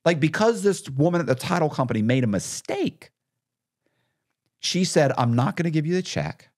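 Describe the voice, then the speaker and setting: A man's voice: on the high side, normal speed. A man talking as a podcast guest, telling his story casually and acting out what other people said. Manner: animated, acts out others' lines in quotes. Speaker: podcast guest, former con artist.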